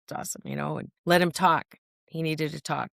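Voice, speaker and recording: Sharing personal stories about mental health in a monologue, a woman speaks with earnest emphasis and often checks in on her listener. Her voice sits low, brisk and fairly even in intonation, with vocal fry, and the studio recording is clean with no echo.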